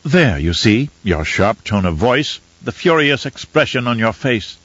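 A man voicing a fussy, pedantic male etiquette advisor with a smooth, silky voice and overly proper, theatrical manner in an audiobook. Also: mid-range voice, big pitch swings, normal speed, no room sound, muffled recording. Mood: prim, instructive. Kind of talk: audiobook character reading.

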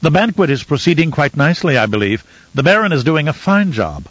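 A man's voice: fairly high pitch, very animated, fairly quick, fairly bright tone, dry recording, voice pushed up. A man voicing a nervous, fussy male servant who is overly polite and flustered. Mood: ingratiating. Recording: slightly muffled dry recording.

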